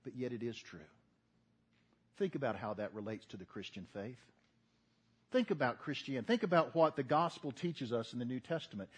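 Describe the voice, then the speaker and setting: A man's voice: mid-range voice, expressive, brisk, slightly rough. An older man preaching a sermon, folksy and earnest, building to emphatic repetition. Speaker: pastor.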